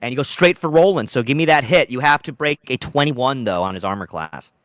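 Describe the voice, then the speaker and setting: A man running a tabletop game as game master, narrating dramatically with sudden loud outbursts. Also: medium pitch, animated, a little fast, no echo.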